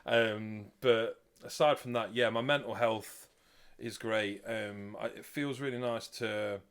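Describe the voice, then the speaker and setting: A man who is a musician, answering interview questions in a relaxed, reflective way. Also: on the low side, unhurried, smooth. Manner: relaxed, reflective, many fillers. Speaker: musician, podcast guest.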